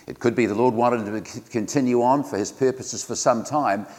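A man, a pastor preaching in an earnest, conversational way, often pausing on fillers and restarting phrases. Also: mid-range voice, a little mellow, long reverb tail. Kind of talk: sermon. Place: church.

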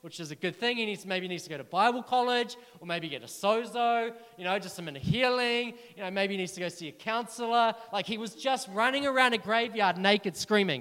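A man preaching a sermon to a church congregation, energetic and urging the crowd to respond. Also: high-pitched, a little fast, hardly any pauses. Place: church hall. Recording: long reverb of a large hall.

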